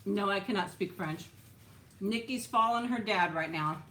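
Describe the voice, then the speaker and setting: A woman's voice: medium pitch, moderate pace, a bit bright. A woman hosting a casual livestream, chatting and answering viewer comments, laughing often and trailing off with "so". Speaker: livestream host. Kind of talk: casual live chat reading viewer comments.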